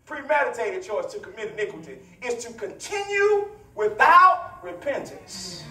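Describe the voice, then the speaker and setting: A male preacher with a high, swooping voice delivers a teaching sermon, teasing and hollering at his congregation. He sounds set back from the mic, and the church rings around him. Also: lively intonation, normal speed, hardly any pauses, pushed and bright. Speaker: pastor. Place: church sanctuary. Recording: echoey church, voice from far off mic.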